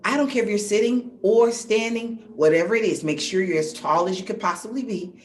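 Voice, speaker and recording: A middle-aged woman vocal coach leading a warm-up lesson, energetic and encouraging, giving brisk, direct instructions and checking in often. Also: medium pitch. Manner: energetic and encouraging, checking in with "okay?" and "all right?".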